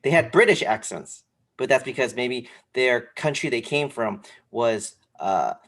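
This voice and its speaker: A man co-hosting a casual podcast, talking in a rambling, animated way with lots of fillers. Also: medium pitch, measured pace. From came to this country when young. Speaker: podcast co-host. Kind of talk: casual sneaker podcast chat.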